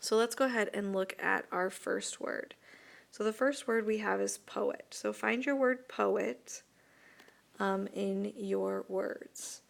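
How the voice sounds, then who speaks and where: A woman's voice: mid-range voice, fairly even intonation, takes it slowly, vocal fry. A woman teacher recording a video lesson, giving patient step-by-step instructions to her students. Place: voice-over for an interactive whiteboard video.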